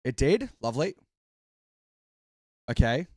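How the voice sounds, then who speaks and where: A man hosting a live watch-party stream, chatting casually with his viewers while fiddling with setup, his voice worn out and hoarse. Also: mid-range voice, sing-song, slow pace, darkish tone, no echo, clean studio sound.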